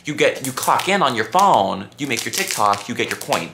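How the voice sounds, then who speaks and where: A man of about twenty, the channel's host, answering viewer questions in a chatty, campy, expressive way. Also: medium pitch, moderate pace, creaky, background noise. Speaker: YouTuber. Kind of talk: casual Q&A vlog. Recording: echoey room.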